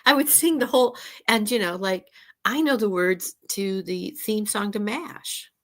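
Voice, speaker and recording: A woman co-hosts a relaxed talk show as an astrologer. She wanders through her stories in a reflective, rambling way. Her voice sits at an ordinary middle pitch. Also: a little slow. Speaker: co-host, astrologer. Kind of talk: casual podcast chat.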